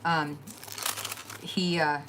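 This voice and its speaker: A woman's voice: low-pitched, level tone, extremely slow, noisy background. A middle-aged woman hosting a crafting livestream at home, rambling and chatty as she talks to viewers and trails off with fillers. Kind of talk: casual chat to live viewers.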